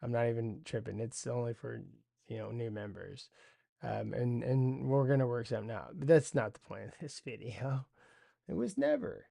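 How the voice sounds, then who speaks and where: A man's voice: medium pitch, fairly even intonation, moderate pace, creaky, warm tone, no room sound, studio quality. A man hosting a casual livestream market recap, rambling in loose slang with frequent swearing and restarts. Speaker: stock trading show host.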